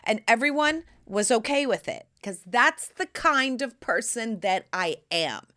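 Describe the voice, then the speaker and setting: A woman hosting a podcast, telling candid, profane stories in a brash, animated way. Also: fairly high pitch, a little slow. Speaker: podcast host. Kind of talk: candid storytelling monologue.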